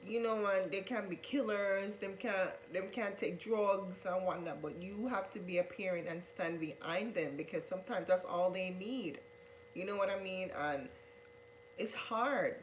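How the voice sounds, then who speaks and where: A woman's voice: medium pitch, measured pace, slight background noise, rough recording. A woman telling her coming-out story to viewers, earnest and repetitive, often calling them guys. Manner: earnest, repeats herself, addresses viewers as guys. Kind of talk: emotional storytelling to camera.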